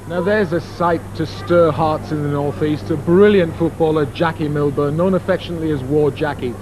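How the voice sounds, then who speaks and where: A man's voice: on the high side, fairly even intonation, moderate pace, noisy background. Wry male TV presenter outdoors. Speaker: TV documentary presenter. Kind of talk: scripted presenter narration.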